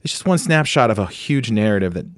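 A man with a lowish voice explains ideas in an animated, rambling way during a casual podcast conversation. The sound is dry and close, with no room around it. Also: fast talker, dry recording. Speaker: podcast co-host, guest.

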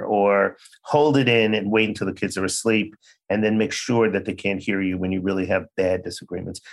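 A man's voice: lowish voice, creaky. An older man, a child psychiatrist, telling stories in an interview, acting out quoted dialogue. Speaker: child psychiatrist, podcast guest. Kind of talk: conversational interview storytelling.

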